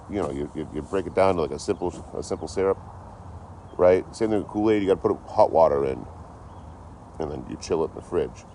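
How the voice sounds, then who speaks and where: A man's voice: sits low, mellow, slight background noise. A man from Detroit rambling casually and swearing a lot on an outdoor livestream, talking into his phone. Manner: rambling, heavily profane. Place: outdoors, by a road.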